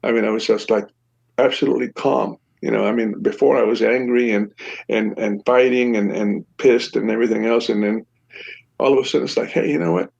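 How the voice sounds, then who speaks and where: An older man telling a personal story in a casual, halting way, full of fillers and restarts, with wry laughs. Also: lowish voice, steady tone, gravelly, darkish tone. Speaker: podcast guest recounting a shootout. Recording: dull lo-fi sound.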